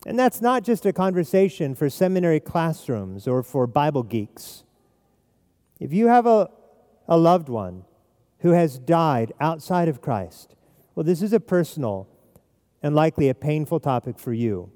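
A man's voice: a little high, very animated, measured pace, dark tone. Emphatic male preacher in a reverberant hall. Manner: emphatic, repeats key phrases. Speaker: pastor. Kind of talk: expository sermon.

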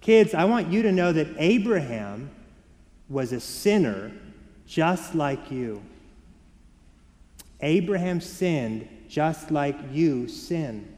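A man preaching in a church sanctuary, his fairly high voice carrying a long reverb tail. He moves from hushed, slow, earnest points to brighter, animated storytelling for the children. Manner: varied and expressive, dropping soft for emphasis, rising for children. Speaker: pastor. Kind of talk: sermon.

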